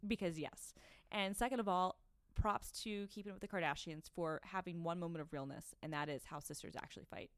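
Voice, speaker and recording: A woman's voice: lowish voice, fairly quick, few pauses, dry recording. A young woman co-hosting a podcast, chatting casually and retelling gossip with lots of likes and ums. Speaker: podcast co-host. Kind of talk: casual chat.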